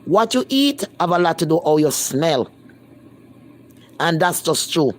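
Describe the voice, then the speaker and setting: A woman's voice: sits low, very animated, a little slow. A Jamaican woman talking bluntly to viewers in a casual live-stream chat, speaking in patois and repeating herself for emphasis. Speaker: vlogger.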